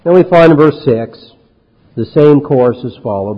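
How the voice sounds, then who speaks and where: A man's voice: a little high, lively intonation, unhurried, breathy edge. A man preaching an expository sermon, reading scripture aloud with rising force and then commenting in a conversational way. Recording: lo-fi recording with long hall reverb.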